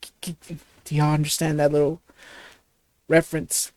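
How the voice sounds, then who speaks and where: A woman's voice: sits low, flat delivery, normal speed, pauses often, a little mellow. Hesitant woman commenting on a game. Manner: hesitant, fillers and restarts. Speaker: let's play host.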